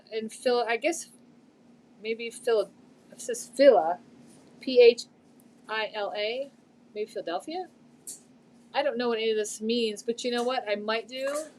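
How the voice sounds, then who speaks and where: A middle-aged woman chatting casually on a live stream about a thrift find, rambling a little with lots of fillers. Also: on the high side.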